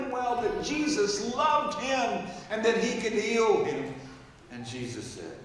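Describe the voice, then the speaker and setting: A man in his seventies preaching a storytelling sermon, swinging from loud exclaiming to hushed quoted words. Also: sits high, big pitch swings, takes it slowly, slight background noise. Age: 70s. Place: large church hall. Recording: echoey hall, mic from far off.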